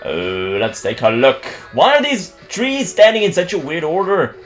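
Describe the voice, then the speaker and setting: A young man, not an English speaker, talks through a video game in loose, crude let's play commentary. His voice sits a touch high and jumps around lively, with faint music playing behind him. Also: moderate pace. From Belgium. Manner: casual, crude and rambling, with many restarts.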